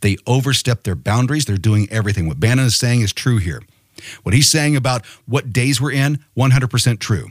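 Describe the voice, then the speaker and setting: A man's voice: medium pitch, lively intonation, a little fast, no echo, studio quality. Rousing male podcast host. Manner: rousing, full of rhetorical questions. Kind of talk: political podcast monologue.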